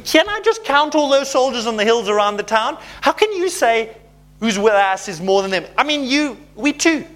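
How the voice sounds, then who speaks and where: A panicked young servant pleads in a bewildered, high voice, as a preacher puts him on. He cannot believe they are outnumbered. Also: very animated, normal speed, fairly bright tone, heavily acted. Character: frightened young male servant, anxious.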